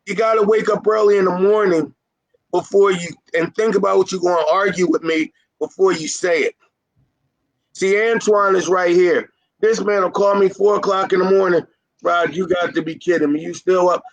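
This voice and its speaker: A man with a high-pitched speaking voice gives business advice to carpet cleaners. He talks in a fired-up, emphatic way, repeats his key points and teases his audience. The sound is dry and close, with no room echo. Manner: emphatic, fired-up and repetitive, teasing his listeners. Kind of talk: informal motivational business talk.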